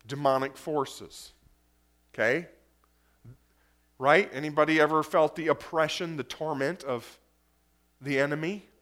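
A man's voice: on the high side, a bit bright. A man preaching a sermon to a congregation, reading scripture aloud and breaking off to explain it in a conversational way, often asking the audience questions.

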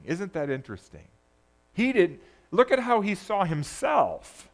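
A man preaching a sermon, moving between loud, urgent peaks and hushed, low passages. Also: lively intonation, moderate pace. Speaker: pastor.

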